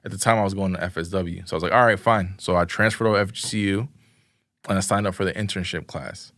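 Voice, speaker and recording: A man's voice: low-pitched, fairly even intonation, fast talker, fairly bright tone, no room sound, clean studio sound. A young man, a podcast guest, telling his story in casual, slangy speech full of fillers and quoted asides. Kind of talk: casual interview chat.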